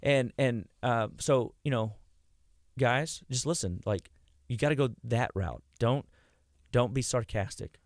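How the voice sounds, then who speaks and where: A health clinician appears as a guest on a radio show, talking energetically to listeners he addresses as "guys" in a medium-pitched voice at a measured pace. He frequently restarts and repeats words and imitates the voices of people he quotes. The recording is dry and clean, studio quality.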